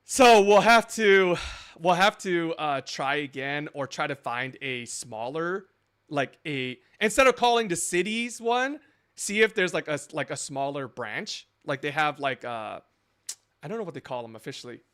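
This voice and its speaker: Bright-voiced man thinking aloud on stream. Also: on the high side, expressive, normal speed, clean tone. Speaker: scambaiting streamer. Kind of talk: live stream commentary.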